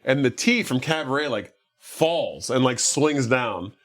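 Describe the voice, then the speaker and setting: Expressive and a little slow, this medium-pitched man co-hosts a podcast and casually goes over a movie. He drifts from point to point, fills gaps with "like," and plays out the characters' lines.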